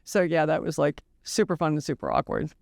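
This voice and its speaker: A woman's voice: deep voice, fairly even intonation, brisk, creaky, darkish tone, no room sound, studio quality. An older woman author talking candidly and animatedly in a casual interview, swearing freely and laughing at herself. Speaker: novelist guest.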